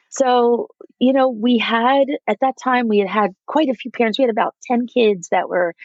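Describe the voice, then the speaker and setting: Gravelly-voiced woman telling animated stories. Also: on the high side, moderate pace, hardly any pauses, no room sound, muffled recording. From United States. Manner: animated, acts out quotes of others. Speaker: micro school founder, guest. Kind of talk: casual storytelling interview.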